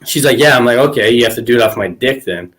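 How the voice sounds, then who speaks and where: A man's voice: mid-range voice, quick pace, fairly bright tone. A man hosting a podcast, telling crude stories in casual chat and laughing often. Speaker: podcast host.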